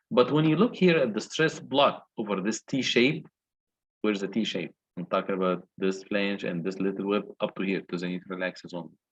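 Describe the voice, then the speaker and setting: A man's voice: fairly low pitch, slightly rough, dull audio. A male engineering lecturer walking through calculations step by step and asking the class questions. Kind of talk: recorded lecture walkthrough.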